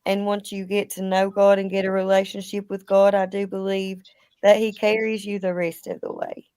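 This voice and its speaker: A woman speaking calmly and steadily about faith in a casual podcast chat. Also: mid-range voice, moderate pace, clean tone, no room sound. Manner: calm, steady, faith-filled.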